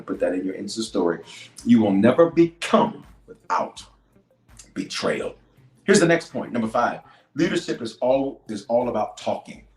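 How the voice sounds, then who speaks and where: A man's voice: on the low side, darkish tone. Emphatic preaching man in an echoey room. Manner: emphatic preacher, repeats key lines, drops to near-whispers. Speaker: bishop and pastor. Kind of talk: preaching leadership podcast talk.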